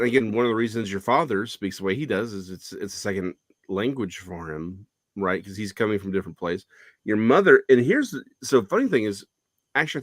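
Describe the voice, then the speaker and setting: A man talking as a guest in a casual conversation, lively and chatty with frequent self-corrections. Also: on the low side, no room sound.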